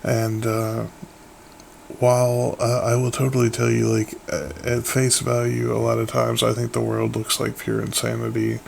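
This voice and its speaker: A man's voice: medium pitch, completely flat delivery, normal speed, vocal fry, a little hiss or hum. A man hosting a podcast, talking in a rambling, loose way and swearing freely as he muses aloud. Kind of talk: casual chat.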